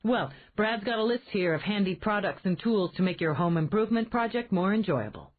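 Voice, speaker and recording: A woman's voice: medium pitch, expressive, a little fast, natural voice. A woman voicing a wry, self-assured grown man who teases an old friend in a dry way. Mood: teasing. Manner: dry, teasing. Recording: tinny phone-like band.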